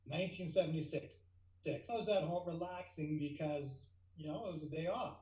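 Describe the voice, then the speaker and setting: A middle-aged man telling a tall tale as a guest speaker, lively and building to excited outbursts. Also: fairly high pitch, normal speed, reverberant, poor audio.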